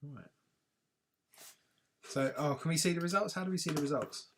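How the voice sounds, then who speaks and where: A man co-hosts a live-stream quiz in a slightly higher voice. He sounds laid-back, laughs easily and thinks aloud as he sorts out the prizes. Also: fairly quick, fairly bright tone, slight background noise. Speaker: co-host.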